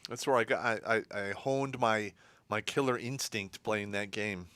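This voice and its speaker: Laughing storyteller, a bright-voiced man. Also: lowish voice, normal speed, smooth, dry recording. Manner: animated storyteller, laughs through his punchlines. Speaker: co-host. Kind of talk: casual livestream chat.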